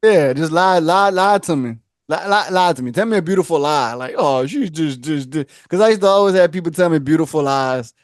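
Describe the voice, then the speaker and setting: A man co-hosting a podcast, chatting casually and telling animated stories where he acts out the people he quotes. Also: a little high, brisk, few pauses, no echo, studio quality. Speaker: podcast co-host. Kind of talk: casual chat.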